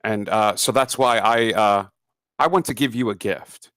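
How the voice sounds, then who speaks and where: A man voicing a shy, tearful office boss who stumbles through a confession at a slow pace. His words come out haltingly, full of stammers, in a dry, close sound. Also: lowish voice, a bit bright, no echo. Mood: tender. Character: emotional middle-aged male boss, shy and tearful.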